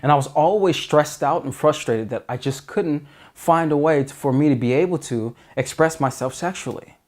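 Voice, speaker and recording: A man's voice: on the high side, normal speed, a little mellow. A man giving dating advice in an earnest, emphatic monologue, often restarting sentences. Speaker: dating coach.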